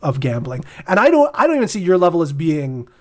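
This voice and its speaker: Chatty Canadian man, slightly high voice. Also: sing-song, quick pace, darkish tone. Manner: chatty, rambling, laughs easily. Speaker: podcast co-host. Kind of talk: casual chat.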